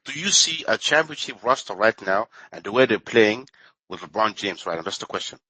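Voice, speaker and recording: A man's voice: on the low side, animated, a little fast, sharp tone, no room sound, rough recording. A man on a sports podcast insistently repeating his question, cutting in with "wait, wait.". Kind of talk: casual sports debate.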